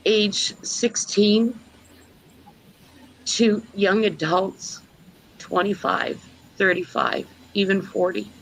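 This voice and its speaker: Slow-speaking mother telling her story. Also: medium pitch, a bit bright, a little hiss or hum, poor audio. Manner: slow, earnest storytelling with pauses. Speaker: guest mother. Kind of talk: personal testimony.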